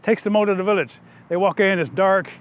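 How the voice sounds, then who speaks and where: A male storyteller tells a traditional folk tale in a lively, playful way, turning to his listeners with asides now and then. His voice sits high for a man. He is recorded in a museum. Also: fast talker, clean tone.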